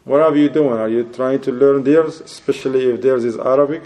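A man delivers a religious lecture in a warm, mellow voice at a middle pitch. He exhorts his listeners and challenges them with pointed rhetorical questions. His speech is peppered with Arabic religious phrases. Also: steady tone, brisk. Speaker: Islamic preacher.

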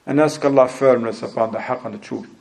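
A man's voice: medium pitch, quick pace, creaky, darkish tone, poor audio. A man giving a sermon who acts out quoted people and mixes in Arabic phrases. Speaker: preacher.

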